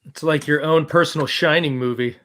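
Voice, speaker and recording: A man's voice: a little high, a little fast, fairly bright tone. A man hosting a live show, cracking jokes with his guests. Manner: joking and wisecracking. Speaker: host.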